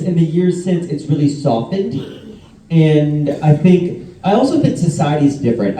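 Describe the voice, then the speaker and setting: A man's voice: a little high, warm tone. A man on a convention panel, telling chatty anecdotes and laughing between stories. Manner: chatty storyteller, laughs mid-story. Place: convention hall. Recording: roomy hall audio from a distance.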